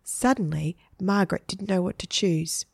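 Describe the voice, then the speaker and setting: A woman narrating a children's story in a steady, clear reading voice. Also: lowish voice, normal speed, no echo, studio quality.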